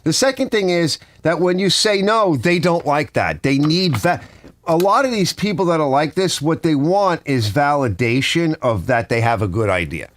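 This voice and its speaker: Animated rambling man in a garage. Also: on the high side, normal speed. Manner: rambling, animated storytelling with mimicked dialogue. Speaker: garage channel host. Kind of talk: casual livestream chat. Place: home garage workshop.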